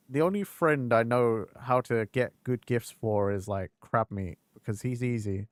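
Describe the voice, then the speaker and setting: A man streams a game and chats casually with viewers, speaking candidly, swearing freely and laughing at himself. His medium-pitched voice runs at normal speed with hardly any pauses, in studio-quality sound with no echo.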